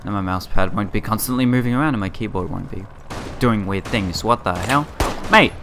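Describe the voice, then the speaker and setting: A man's voice: lowish voice, brisk, noisy background. A man casually commenting on his own gameplay, muttering reactions and exclamations. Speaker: gamer. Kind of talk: casual let's play commentary. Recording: game audio with gunfire. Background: game gunfire.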